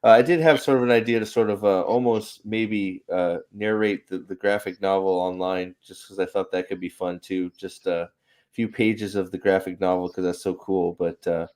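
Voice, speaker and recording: A man hosting a livestream, talking casually and ramblingly with many halting restarts. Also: deep voice, steady tone, a little mellow. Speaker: host.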